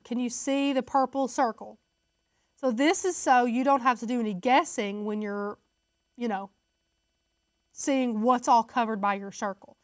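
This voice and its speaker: A woman's voice: on the high side, no echo, studio quality. A woman hosting a casual step-by-step crafting tutorial, chatty and upbeat, talking straight to her viewers.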